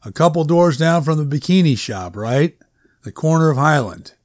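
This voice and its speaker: A man's voice: a little high, lively intonation, moderate pace, a little mellow, no echo, clean studio sound, natural voice. A man reading a wry, breezy guy.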